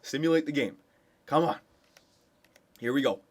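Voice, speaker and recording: Young male gameplay commentator, eager and chatty, swings between hyped cheering and low muttering. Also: normal speed. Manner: excited cheering for his team. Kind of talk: casual video game commentary.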